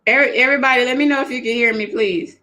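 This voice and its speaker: A woman's voice: fairly high pitch, fairly even intonation, very fast, bright, forceful tone. A woman hosting a live stream, chatting casually and animatedly straight to her viewers. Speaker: livestream talk show host.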